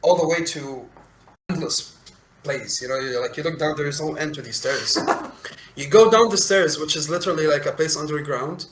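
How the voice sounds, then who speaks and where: A man's voice: a little high, normal speed. Young syrian guy telling a wild story, lots of "like", laughs a bunch, bit of background noise. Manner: animated, laughs often, many "like" fillers. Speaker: podcast co-host. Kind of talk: casual anecdote telling. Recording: echoey room.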